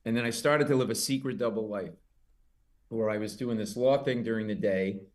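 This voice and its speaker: A middle-aged man, a comedian guest, telling a lively story in an interview and breaking into loud, high voices for the people in it. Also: a little fast. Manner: animated anecdote with loud high character voices.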